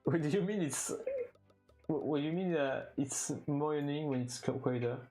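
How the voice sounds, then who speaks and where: Faint music plays behind a young French streamer whose voice is on the high side with a dark tone. Speaking with a French accent, he chats loosely with viewers while playing, frequently restarting, fumbling fillers and chuckling occasionally.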